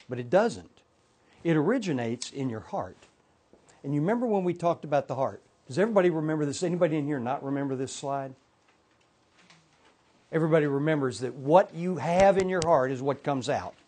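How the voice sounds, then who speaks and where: Husky man teaching a Bible class. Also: fairly high pitch, lively intonation, normal speed, darkish tone. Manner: conversational, with frequent restarts and asides. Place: classroom with a group present.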